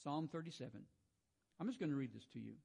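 High-voiced man preaching. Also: animated, fast talker. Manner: reads scripture softly, then exhorts with rising emphasis; frequent throat clearing and restarts. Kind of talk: devotional sermon with scripture reading.

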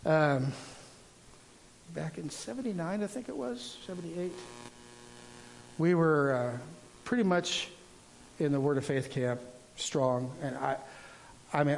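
A man in his sixties preaching informally, telling a personal testimony in a rambling, halting way with many restarts. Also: fairly high pitch, gravelly.

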